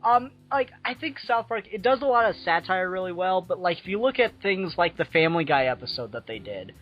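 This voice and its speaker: High-voiced man hosting a podcast. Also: a little fast, muffled recording, faint music behind. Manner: energetic, swearing, laughing often. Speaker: podcast host. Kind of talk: casual chat.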